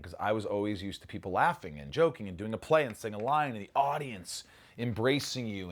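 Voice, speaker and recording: A middle-aged man telling stories in a casual interview, animated and swearing freely as he acts out lines. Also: fairly low pitch. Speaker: actor interviewee.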